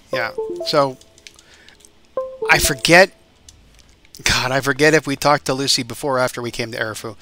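A man talking through a video game session in a casual, rambling way, thinking out loud and stopping to restart his sentences. His voice has a bright, forward tone at an ordinary middle pitch. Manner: rambling, thinks aloud with many fillers. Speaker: gaming YouTuber. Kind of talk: let's play commentary.

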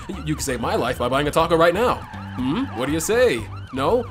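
A man hosting a comedic gameplay commentary, goofy and often yelling in exasperation. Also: a little high, sing-song, a little fast. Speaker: gaming channel host. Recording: game music in the background.

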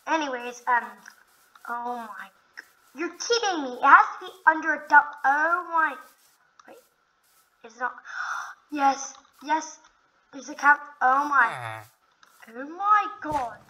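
A young woman casually narrating her own video game play, excitable, often gasping and talking to the animals on screen. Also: high-pitched, slight background noise, rough recording. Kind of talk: casual gameplay commentary.

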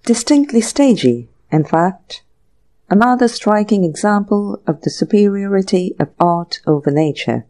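A woman narrating a classic mystery audiobook in a measured storytelling manner. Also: mid-range voice, animated, warm tone. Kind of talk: scripted narration.

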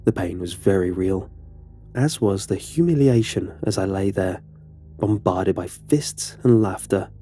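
A man narrating a scripted horror story in a measured, somber way. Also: low-pitched, mellow, husky, faint music behind.

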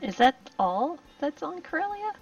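Lively high-voiced woman at a game table. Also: unhurried, no echo. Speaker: player. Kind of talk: in-character tabletop role-play. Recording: dull, distant mic with background music.

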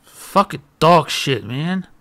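A man's voice: fairly high pitch, big pitch swings, takes it slowly, sharp tone. Profane, frustrated young male gamer. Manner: frustrated, swearing constantly, muttering. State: angry. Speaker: gaming channel host. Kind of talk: let's play commentary.

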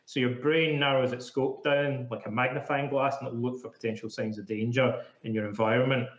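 A man's voice: mid-range voice, steady tone, brisk. Chatty man explaining in an echoey room. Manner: chatty, explanatory, many "like" fillers. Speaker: psychotherapist guest. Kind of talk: casual interview talk.

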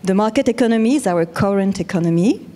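A woman with a French accent giving a measured, explanatory conference talk. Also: medium pitch, lively intonation, warm tone. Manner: measured, explanatory, with self-corrections. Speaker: conference speaker.

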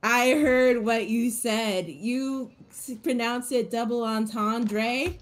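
A woman's voice: fairly high pitch, slow. A young woman dropping in on a stream, drowsy and dryly teasing the host. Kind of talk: casual banter.

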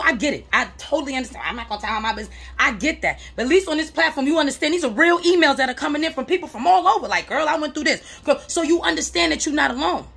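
A woman talking straight to camera in a casual advice vlog, her voice sitting high with a gravelly, fried edge. She is animated and full of slang, hammering points home by repeating them. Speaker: relationship advice vlogger.

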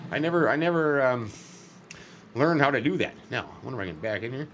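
A man's voice: medium pitch, expressive, fast talker, slight background noise. A man hosting a farming game let's play, chatting in a rambling, folksy, joking way as he plays a farmer character. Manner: rambling, folksy, jokey, self-interrupting.

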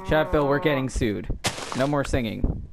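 A man's voice: mid-range voice, moderate pace, vocal fry. A young man casually joking with a friend while gaming. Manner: teasing, sings made-up lines. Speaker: gamer. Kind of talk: casual gameplay banter. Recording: noisy home recording.

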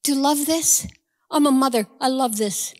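A woman's voice: high-pitched, normal speed, darkish tone, in a large hall. A woman preaching a sermon, telling a story conversationally with humorous asides.

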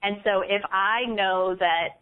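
A woman guest on an ADHD podcast, talking earnestly and acting out quick examples of inner thoughts. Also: mid-range voice, fairly even intonation, clear, resonant tone. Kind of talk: podcast interview. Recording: tinny phone line.

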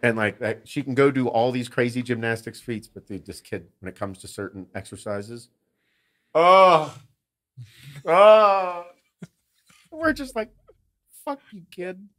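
A man co-hosting a podcast, chatting casually and telling animated, profanity-heavy stories about his family. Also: mid-range voice, brisk, hardly any pauses. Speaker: podcast co-host. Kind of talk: casual chat.

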